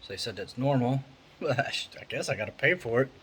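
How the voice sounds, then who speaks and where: A man's voice: mid-range voice, lively intonation, fast talker, fairly bright tone, a little hiss or hum, rough recording. A middle-aged man, talking casually and candidly to camera in a rambling vlog monologue from a room at home. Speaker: vlogger. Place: indoor room with an electric fan.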